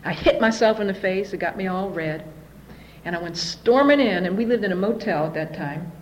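A woman telling her own story at a recovery meeting, candid and animated. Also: mid-range voice, fairly quick, slight background noise, poor audio. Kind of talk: personal recovery testimony.

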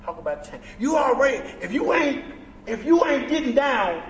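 A man with a high voice that leaps all over the place, preaching his story to a crowd with emphatic bursts. He is heard from far off in an echoey convention hall with a long reverb tail. Faint room ambience hums behind him. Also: very animated, moderate pace, a little hiss or hum. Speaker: guest speaker at a recovery convention. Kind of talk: impassioned speaker share. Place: large indoor convention hall.

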